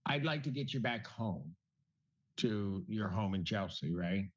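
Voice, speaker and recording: Low-voiced male judge in court. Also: lively intonation, a little slow. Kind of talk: courtroom hearing. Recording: dull lo-fi courtroom audio.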